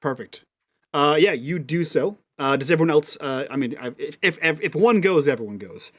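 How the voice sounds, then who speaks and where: A man narrating a tabletop role-playing game as game master, in a relaxed way with many fillers. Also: on the high side, normal speed. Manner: relaxed, lots of ums and likes.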